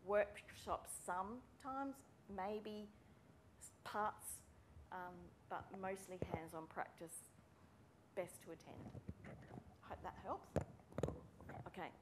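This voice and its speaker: A woman, a speech pathology lecturer giving a friendly, brisk welcome talk to students and calling out names. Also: mid-range voice, fairly even intonation, background noise. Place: university room with students.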